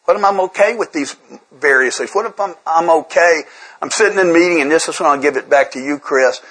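A man's voice: on the high side, a bit bright, breathy edge, rough recording. A man speaking candidly to a recovery group in a conversational, self-deprecating way, often repeating words as he restarts his sentences. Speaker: speaker sharing at a twelve-step recovery workshop.

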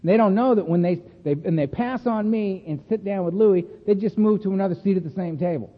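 A man sharing stories as a speaker at a recovery meeting, animated and chatty, often laughing and tagging his lines with "man" and "right?". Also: high voice, brisk. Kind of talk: storytelling talk. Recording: echoey hall over a tinny phone-like line.

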